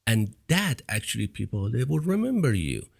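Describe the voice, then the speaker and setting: A man's voice: mid-range voice, sing-song, moderate pace, creaky, breathy edge. A man hosting a podcast interview, speaking English as a later-learned language with an accent, often adding "you know" and restarting sentences. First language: not English. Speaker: podcast host. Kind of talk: casual interview chat.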